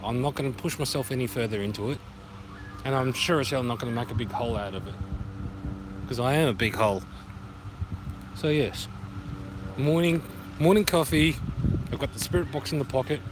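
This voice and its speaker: A man's voice: mid-range voice, a little fast, pauses often. A man with an Australian accent, walking in a park and chatting casually to a phone camera, rambling and making puns. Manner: rambling and punning, sings along loosely. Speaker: vlogger. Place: outdoor park by a duck pond. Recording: noisy outdoor phone recording. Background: outdoor ambience with passing traffic.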